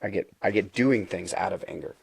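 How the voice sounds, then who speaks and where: Gravelly low-voiced man telling a story. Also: fairly quick, dry recording. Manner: earnest, retelling dialogue with frequent restarts. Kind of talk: casual storytelling.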